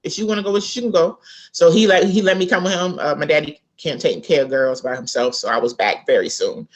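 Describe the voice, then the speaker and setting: A woman's voice: fairly low pitch, quick pace, slight background noise. A woman author from South Carolina, telling a family story in a casual interview and acting out the people in it. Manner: animated storyteller, acts out quoted voices. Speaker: author guest.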